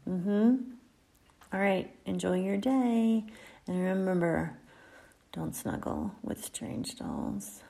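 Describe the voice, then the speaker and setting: A woman hosting a casual podcast, telling creepy stories in a laid-back, chatty way and sometimes dropping into a soft whisper. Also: mid-range voice, animated, takes it slowly, creaky. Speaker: podcast host.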